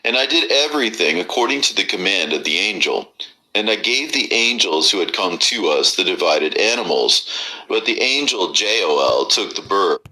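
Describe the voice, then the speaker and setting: A man reading an old scripture text aloud in a steady, measured recital. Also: sits low, poor audio. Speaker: reader.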